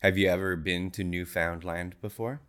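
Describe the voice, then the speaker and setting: A man with a very low, deep voice chats loosely on a podcast, trailing off and restarting his thoughts. He is self-deprecating and quick to laugh. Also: fairly even intonation, fairly bright tone, smooth. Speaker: podcast co-host and actor. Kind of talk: casual chat.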